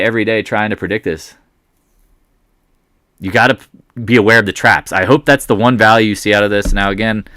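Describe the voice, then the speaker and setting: A man hosting a live market commentary stream, chatting with viewers in a rambling way and breaking into excited outbursts when prices move. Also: on the low side, dry recording, studio quality. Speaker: market commentary livestream host.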